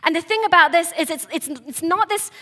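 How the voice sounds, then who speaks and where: A woman who sounds to be in her thirties preaches a sermon at a church service in a high, sharply bright voice. Brisk, earnest and conversational, she addresses the congregation and presses her points with emphasis.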